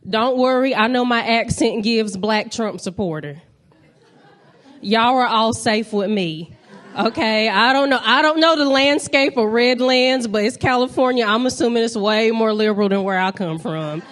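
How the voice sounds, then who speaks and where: A woman in her thirties from North Carolina with a Southern accent, doing a stand-up comedy set with animated crowd-work banter. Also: on the high side, moderate pace. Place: comedy club stage.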